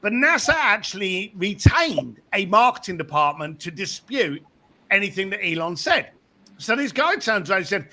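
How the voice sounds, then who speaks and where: A man being interviewed about his book, telling anecdotes in an animated way and acting out the voices of the people in them. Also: high voice, normal speed. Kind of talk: animated storytelling in conversation.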